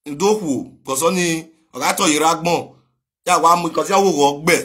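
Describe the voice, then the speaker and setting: A man with a husky voice delivering a direct video message, switching between pleading and heated shouting. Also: fairly high pitch, fairly quick. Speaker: speaker addressing a rival.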